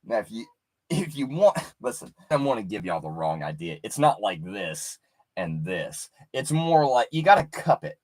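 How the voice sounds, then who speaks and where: A man telling a vulgar story in a crude, animated way, showing moves with his hands. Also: lowish voice, moderate pace. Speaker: streamer.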